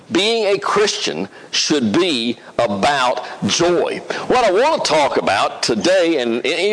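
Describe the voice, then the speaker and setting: A man's voice: mid-range voice, low-quality recording. A man preaching a sermon to a congregation, leading them in song and reading scripture aloud. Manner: animated, leads the congregation in song.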